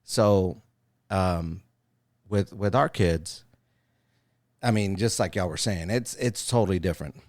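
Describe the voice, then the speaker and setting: A man in his forties with a very low voice shares parenting stories in a relaxed podcast chat. His delivery is animated, slipping into the voices of the people he quotes. The sound is dry and close, with no room echo. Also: unhurried, pauses often. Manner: animated storyteller who acts out quoted voices. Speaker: podcast co-host. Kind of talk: casual chat.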